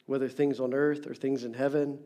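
A middle-aged pastor preaching a sermon, repeating phrases for emphasis and swinging between loud stresses and soft whispers. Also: male voice, medium pitch, little pitch movement, fairly quick.

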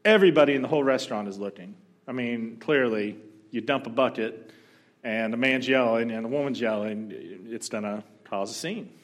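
A male pastor telling a story during a sermon, animated and joking now and then. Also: mid-range voice, a little fast. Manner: storytelling, animated, humorous asides.

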